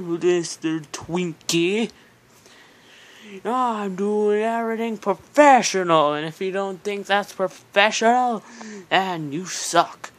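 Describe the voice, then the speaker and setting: A woman voicing a smug male doctor interviewer with a pink mustache, pompous and falsely soothing in a comedic parody. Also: fairly low pitch. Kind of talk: comedic parody role-play.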